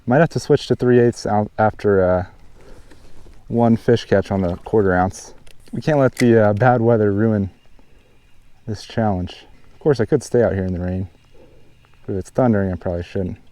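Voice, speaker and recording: A man hosting a fishing vlog, chatting casually outdoors by a mountain pond and getting excited over each catch. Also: lowish voice, moderate pace, pauses often. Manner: chatty, excited when hooking fish. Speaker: fishing channel host.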